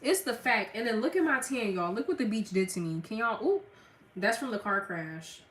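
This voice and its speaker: A woman's voice: a little high, expressive, normal speed, fairly bright tone. A young woman from the Gulf Coast with a Southern accent, livestreaming and chatting bluntly with her viewers, laughing often. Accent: Southern American. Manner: blunt, laughing, slangy, talks to chat. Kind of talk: casual livestream chat. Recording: echoey room, mic at a distance.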